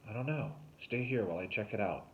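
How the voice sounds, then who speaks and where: Guy doing a chill teen boy, even and unbothered, lo-fi audio. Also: on the low side, fast, slight background noise, lightly acted. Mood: calm. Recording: tinny phone-like sound.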